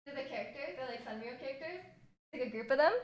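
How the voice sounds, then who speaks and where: A woman with a Canadian accent, chatting casually with viewers on a stream, full of fillers and restarts and quick to laugh. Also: high voice, animated. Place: home room.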